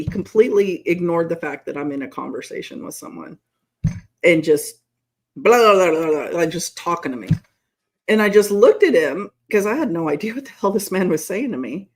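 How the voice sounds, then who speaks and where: Woman, forties, podcast host; brash, profane storyteller, very lively pitch. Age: 40s. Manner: blunt, profane, animated storyteller who laughs often. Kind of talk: casual chat.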